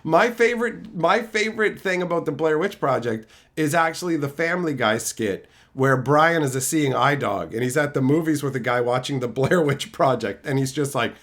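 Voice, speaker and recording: A bright, forceful male voice with a very animated pitch that jumps high when he is exasperated. He is a Canadian streamer reading chat messages casually and answering with sarcasm and swearing. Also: normal speed, few pauses.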